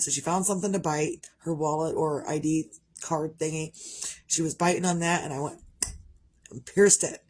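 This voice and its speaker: A woman's voice: low-pitched, fairly even intonation, moderate pace, darkish tone, breathy edge. Rambling, candid middle-aged woman. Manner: rambling, candid, conversational with frequent restarts. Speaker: parent vlogger. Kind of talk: casual personal vlog monologue.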